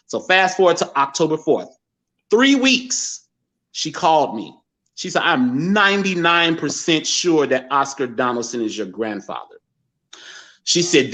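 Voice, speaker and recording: A man in his forties tells a personal story on a talk show. His voice sits a bit high, and he slips into other people's voices as he quotes them, pushing up and down with the drama. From Gary, Indiana, USA. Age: 40s. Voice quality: animated storyteller who acts out others' words. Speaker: guest.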